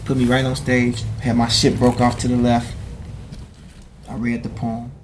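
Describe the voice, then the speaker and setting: A middle-aged man talks as a guest. He is an animated storyteller, heavy on street slang and swearing, with a mid-range voice. A clear hiss of background noise runs under the recording. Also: mid-range voice, moderate pace. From Chicago, USA. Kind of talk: casual storytelling in conversation.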